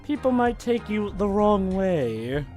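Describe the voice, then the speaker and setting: A man voicing a suave, calm senior defense lawyer who speaks in a smooth, measured, deadpan way. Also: sits high, faint music behind, exaggerated voice. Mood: dry. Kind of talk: reading game dialogue aloud.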